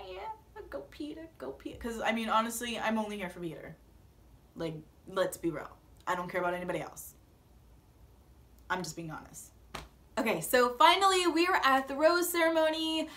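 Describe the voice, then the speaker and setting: A young woman with a fairly high voice talks straight to her viewers in a casual recap. She is dramatic and playful, acting out her own reactions as she goes. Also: a bit bright. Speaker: vlogger recapping a reality show.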